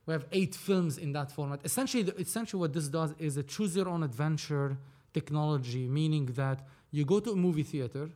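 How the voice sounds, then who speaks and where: A man's voice: fairly high pitch, brisk, hardly any pauses, mellow. A man from Lebanon, a film producer, telling a story in a casual interview, acting out dialogue and swearing freely.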